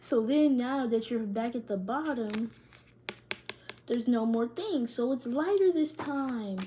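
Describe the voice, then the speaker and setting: A woman's voice: on the high side, slow pace, warm tone, slight background noise. A young woman, doing a casual tarot reading in loose, profane slang and laughing often. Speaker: tarot reader.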